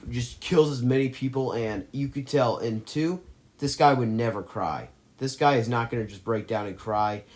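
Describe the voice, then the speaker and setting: A man with a lowish voice hosts a movie channel, ranking his favorite films. He's casual and enthusiastic, rambling along and often restarting his sentences.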